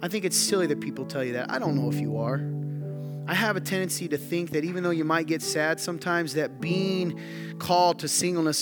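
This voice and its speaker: Earnest man preaching over guitar music. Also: on the high side. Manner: conversational, earnest, rising to emphatic. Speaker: pastor. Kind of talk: sermon. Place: church sanctuary. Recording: music playing underneath.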